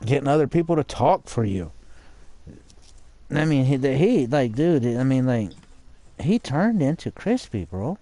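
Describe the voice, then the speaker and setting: A blunt man rambles on about an online game, swearing as he goes. His voice is mellow and dark. The recording is dry, with no room sound. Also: mid-range voice, sing-song, measured pace, pauses often, no echo. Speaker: streamer. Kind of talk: casual chat about a game.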